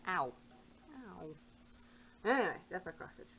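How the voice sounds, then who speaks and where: A woman's voice: on the low side, moderate pace. A woman chatting casually while she stitches at home, rambling and breaking off now and then to scold her kitten. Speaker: cross-stitch vlogger. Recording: dull lo-fi sound with faint hiss.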